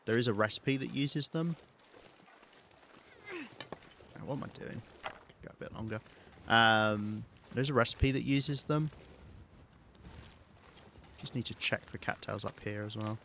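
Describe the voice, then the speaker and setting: A man's voice: mid-range voice, normal speed, gravelly, pauses often, sharp tone, slight background noise. A British man streaming a survival game, rambling and thinking aloud as he plays, with many ums and restarts. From Britain. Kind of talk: live gameplay commentary.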